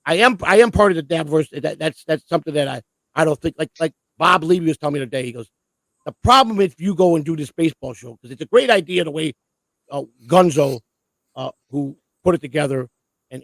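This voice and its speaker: A gravelly, somewhat high-voiced man talks through a long story in a casual chat. His delivery rambles and swears freely, often tripping over repeated words before a sentence gets going. The sound is dry and close. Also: fairly quick, fairly bright tone, dry recording, rough recording. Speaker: co-host. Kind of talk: casual chat, telling prison stories.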